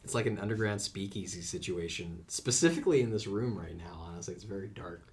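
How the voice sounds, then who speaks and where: A man's voice: sits low, quick pace, a little mellow. A man from the United States, a comedian chatting as a podcast guest, joking, rambling and swearing freely. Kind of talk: casual podcast chat.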